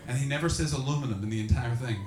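A young man doing stand-up as a comedian and podcast host, brash and profane, working the crowd with sudden shouted bursts. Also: mid-range voice, racing. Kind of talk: live stand-up crowd work. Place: live comedy venue with an audience. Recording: roomy, distant live recording with noise.

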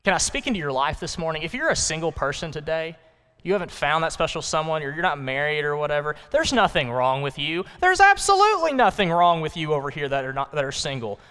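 A male pastor preaching in a church sanctuary, talking to the congregation in a conversational, emphatic way full of rhetorical questions. His voice is smooth and resonant, a bit high for a man. A long reverb hangs in the big room. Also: big pitch swings, fast talker, pushed and bright. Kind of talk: sermon.

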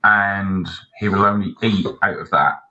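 Brief: male podcast co-host, lowish bright voice, tells sweary rambling stories. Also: steady tone, unhurried, lo-fi sound. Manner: rambling anecdotes, heavy swearing. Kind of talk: casual chat.

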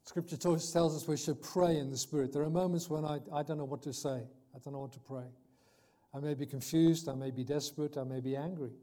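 Guy preaching a sermon, kinda high mellow voice, gets loud then goes real quiet. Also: fairly even intonation, a little fast. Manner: emphatic, swings between loud and soft; reads scripture aloud, corrects himself.

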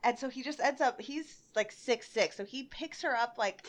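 A young woman telling a story on a casual podcast, laughing often and getting loud when she acts out quotes. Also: fairly high pitch, moderate pace. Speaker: bartender guest.

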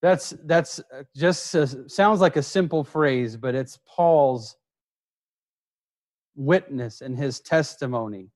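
Emphatic preacher man, slow deliberate delivery. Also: darkish tone. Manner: emphatic, repeats key words, drops low for quoted lines. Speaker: pastor. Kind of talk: sermon.

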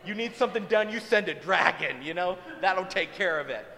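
Man playing a bragging dragon, loud and swaggering, fairly high voice, long echoing hall reverb. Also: lively intonation, brisk. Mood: boastful. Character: boastful eager male dragon servant.

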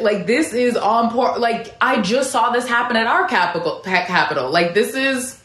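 A woman's voice: on the high side, expressive, normal speed, hardly any pauses, fairly bright tone, echoey room. A woman on a talk panel, rambling wryly with many "like" fillers. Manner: rambling, full of "like" fillers, wry. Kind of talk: casual political discussion.

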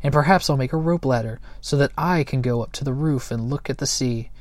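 A man's voice: medium pitch, fairly quick, dry recording, close to an everyday voice. A man reading a storybook aloud and voicing a small, timid but boastful male creature who talks in a proud, slightly pompous manner. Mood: solemn dreamy.

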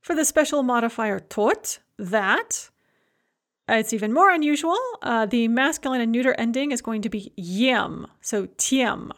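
A woman teaching a language lesson, walking through grammar charts in a clear, methodical way and reading out example words one by one. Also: on the high side, expressive, measured pace, fairly bright tone. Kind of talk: explaining grammar over slides.

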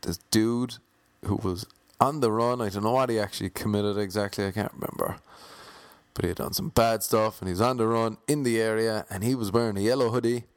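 A man's voice: on the low side, fairly quick, no room sound. A man telling a comic anecdote, acting out the voices of the people in it and swearing casually. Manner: lively, acts out the voices in his story; swears casually, self-mocking. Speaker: storyteller.

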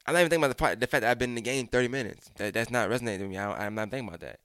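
A man's voice: medium pitch, very fast, fairly bright tone, no room sound, clean studio sound. A young man telling a personal story in a frank, casual way, swearing freely and speaking straight to his listeners. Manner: frank, profane, addresses listeners directly.

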